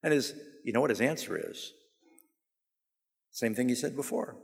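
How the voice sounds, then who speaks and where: A man preaching a sermon, telling stories with humor and rising to emphatic, animated delivery. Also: medium pitch, normal speed, creaky. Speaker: pastor. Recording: long hall reverb.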